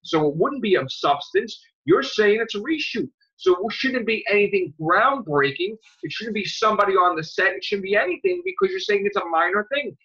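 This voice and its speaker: A man hosting a podcast, ranting angrily with lots of swearing and sudden loud outbursts. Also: high-pitched, animated, brisk, few pauses, breathy edge. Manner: heated, profane, jumps to loud outbursts. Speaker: podcast host. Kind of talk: angry podcast rant. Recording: dull lo-fi sound.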